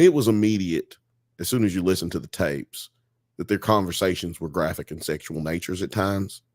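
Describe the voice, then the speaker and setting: A man quoting a flat-toned police officer. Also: low-pitched, no echo, studio quality, voice pushed down.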